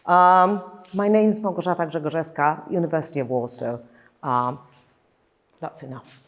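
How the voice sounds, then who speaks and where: A woman's voice: deep voice, normal speed. A Polish-accented woman, a lecturer leading a workshop, speaking hesitantly with many fillers and restarts in a large hall. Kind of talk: workshop instruction. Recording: long hall reverb.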